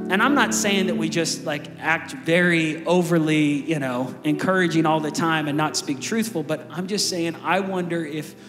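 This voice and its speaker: A man with a high voice preaches to a large church congregation, chatty and lively, often asking them questions. His voice echoes through a big hall with long reverb while music plays clearly underneath. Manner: conversational, energetic preaching with asides to the congregation. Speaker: pastor. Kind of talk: sermon.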